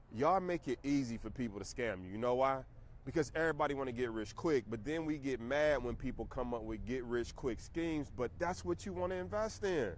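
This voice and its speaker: A middle-aged stock trading teacher rants casually to camera for his viewers in a mid-range voice, with slight background noise. He's emphatic and preachy yet conversational.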